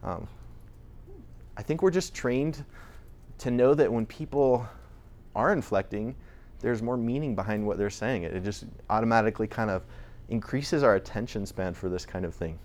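A man's voice: lowish voice, normal speed, pauses often, a little mellow. A man presenting at a conference, talking conversationally with frequent restarts. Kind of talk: conference talk.

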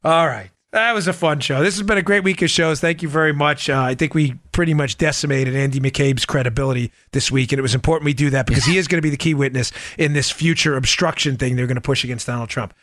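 A man hosts a political podcast in a bright, high voice. His delivery is animated and sarcastic, and he often slips into mocking impressions. The sound is dry and close, with no room echo. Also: fast, few pauses. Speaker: podcast host. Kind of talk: political commentary monologue.

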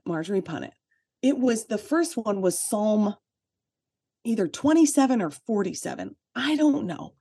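A woman's voice: medium pitch, a little mellow, no room sound, clean studio sound. A woman co-hosting a podcast, telling a personal story in casual chat, with chatty "like" fillers and emphatic asides. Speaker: podcast co-host.

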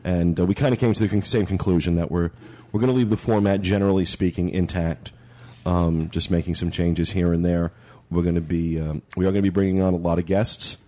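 A man's voice: low voice, fairly even intonation, fairly quick, mellow. A man hosting a podcast in casual chat, talking in a chatty, rambling way. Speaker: podcast host.

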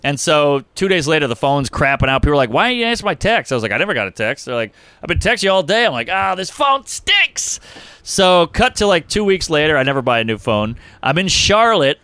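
A man with a raised, sharp, forceful voice tells stories casually on a podcast. He is a stand-up comedian who swings into other people's voices and swears freely. His voice is recorded close and dry. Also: fairly high pitch, quick pace, smooth, no room sound. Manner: animated, acts out other people's voices, profane.

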